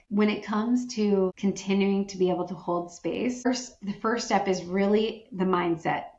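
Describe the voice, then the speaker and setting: A woman speaks earnestly and reflectively as a podcast guest, and now and then she acts out the reactions of the people she quotes. Her voice has an average pitch. The room around her is roomy and echoey, and the sound is slightly dull and muffled. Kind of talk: podcast conversation.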